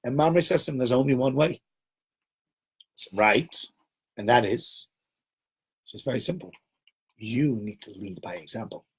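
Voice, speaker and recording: A man's voice: fairly low pitch, normal speed, long pauses, slightly rough. A man giving an informal Torah talk to a group, acting out the dialogue in his stories. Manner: animated storyteller, acts out dialogue. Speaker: teacher.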